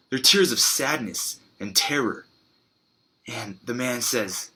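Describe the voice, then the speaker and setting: A man preaching a sermon, telling a story in an earnest, halting way with pauses and fillers. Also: mid-range voice, bright, forceful tone, husky.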